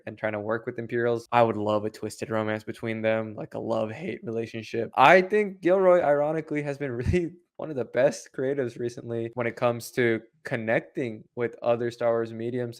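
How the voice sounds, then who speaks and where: A man co-hosting a casual livestream chat, joking and rambling loosely with lots of fillers. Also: mid-range voice. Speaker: co-host.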